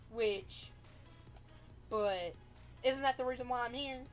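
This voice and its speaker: Higher-voiced woman telling a rambling story. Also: slow, pauses often, soft background music. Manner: rambling, acts out quoted dialogue. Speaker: livestream host. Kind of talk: casual personal storytelling.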